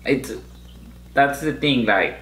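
A man's voice: medium pitch, slow pace, fairly bright tone, roomy sound, a little hiss or hum. A man co-hosting a podcast in a casual chat, chiming in with teasing, joking remarks. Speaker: podcast co-host.

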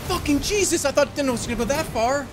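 A man's voice: extremely high pitch, animated, fast talker, noisy background. A man in his thirties streaming a game, ranting and swearing in exasperation as he plays. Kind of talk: live gaming commentary. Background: faint game music.

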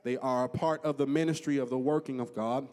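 A pastor preaches in a church hall, his mid-pitched voice carrying a long reverb off the walls. He draws out scripture slowly and builds into fervent, shouted prayer. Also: steady tone. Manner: slow, drawn-out scripture reading. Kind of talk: sermon. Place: church sanctuary.

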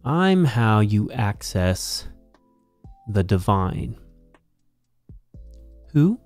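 Man, Bible teacher, methodical Greek lesson, very slow delivery, lowish voice, faint music behind. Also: big pitch swings, darkish tone.

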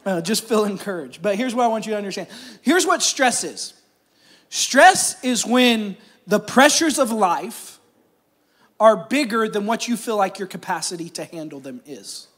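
Preaching at a church service, a man uses a high-pitched, expressive voice with a fairly bright tone, speaking at normal speed. The sermon is conversational, peppered with jokes and call-outs to the congregation.

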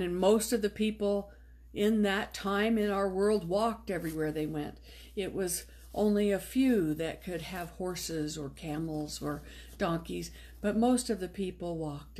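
A woman preaching in a church, talking to the congregation in a relaxed, conversational way. She tells the story casually, like plain everyday speech, at a middle pitch. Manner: conversational, retells story with lively voiced quotes. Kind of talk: sermon.

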